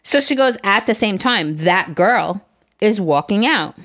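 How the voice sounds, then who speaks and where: A woman in her forties telling a long story in casual podcast chat, animated and swearing freely. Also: medium pitch, measured pace. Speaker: podcast co-host.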